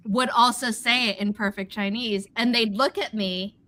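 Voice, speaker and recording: A young adult woman hosting a casual livestream chat, telling lively stories and acting out what people said. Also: fairly high pitch, moderate pace. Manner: animated storyteller, acts out quotes. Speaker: livestream host.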